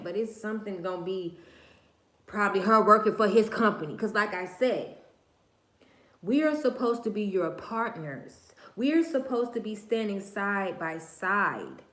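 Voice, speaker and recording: A woman hosting a livestream speaks with a fairly low pitch and a fairly bright tone, delivering a casual opinion monologue that's slangy, emphatic, preachy, and full of repetition. The recording is reverberant.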